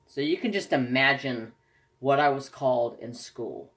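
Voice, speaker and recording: A man's voice: mid-range voice, measured pace. Chatty man telling stories while crafting. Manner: chatty storyteller, animated when telling anecdotes. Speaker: craft vlogger. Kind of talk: casual chat while crafting.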